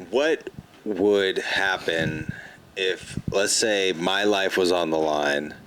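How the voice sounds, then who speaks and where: A man co-hosting a podcast, deadpan, pushing silly what-if questions. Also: low-pitched, slow, a little hiss or hum. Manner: deadpan, pushes silly hypotheticals. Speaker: podcast co-host. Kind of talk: casual podcast banter.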